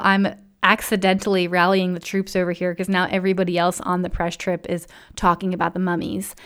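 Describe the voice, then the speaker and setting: A woman hosting a podcast, telling a travel story in a casual, animated way, laughing often and acting out the people she quotes. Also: mid-range voice, clear, resonant tone. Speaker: podcast host.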